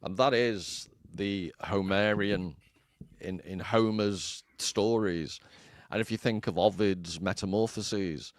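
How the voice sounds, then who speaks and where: An Irish man with a fairly low voice, talking through a novel in a relaxed, digressive way. He is wry and self-deprecating. The sound is close and dry, with no room behind him. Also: slow, no room sound. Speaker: podcast co-host. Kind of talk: casual literary discussion.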